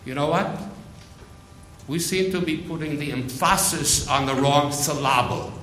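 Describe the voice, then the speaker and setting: A man preaching a sermon, slow and emphatic, repeating phrases for weight. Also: a little high, a bit bright, echoey room, poor audio.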